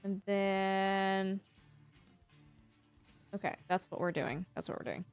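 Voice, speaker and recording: A woman's voice: medium pitch, steady tone, slow pace, smooth, faint music behind. A woman streamer chatting casually with her live viewers, bubbly and effusive, laughing often.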